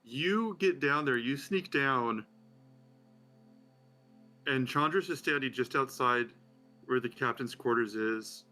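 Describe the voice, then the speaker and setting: Male game master, bright voice, relaxed, chatty narration. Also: medium pitch, slow pace, long pauses, soft background music. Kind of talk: narrating a live-streamed tabletop game.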